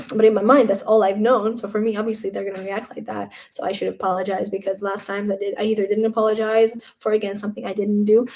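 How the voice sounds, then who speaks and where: A young woman on a casual live stream talks from her room at home, her mellow, warm voice wandering from thought to thought. When she quotes other people her delivery turns animated, then settles back into relaxed chat. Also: medium pitch.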